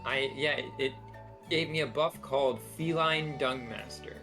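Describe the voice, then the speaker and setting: A man chatting casually on a game stream, telling stories lively and mimicking people as he goes. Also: mid-range voice, a little slow, music in the background. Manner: animated storyteller who mimics people. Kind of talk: casual storytelling chat.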